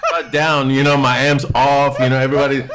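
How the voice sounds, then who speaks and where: A man's voice: medium pitch, little pitch movement, a little fast, noisy background. A man telling loose, swearing stories in a casual podcast chat, often laughing as he talks. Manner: laid-back, laughing storyteller, swearing freely. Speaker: guest guitarist.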